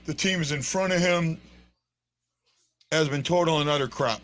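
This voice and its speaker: Excitable rambling man hosting a fan show. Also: on the high side, normal speed. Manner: excitable, rambling, frequent restarts and fillers. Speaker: fan podcast host. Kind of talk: casual live hockey commentary.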